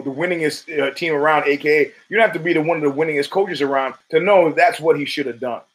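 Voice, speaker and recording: The audio here is rough, carrying a fairly high-pitched man's voice with a fairly bright tone. He's a podcast host giving a loose, profane monologue, rambling, restarting often, and punctuating it with emphatic bursts.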